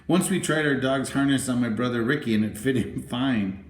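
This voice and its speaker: A man's voice: medium pitch, moderate pace, lightly acted. A man voicing a cheerful little girl who helps in a store, with an eager, chatty manner. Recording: roomy, echoey room.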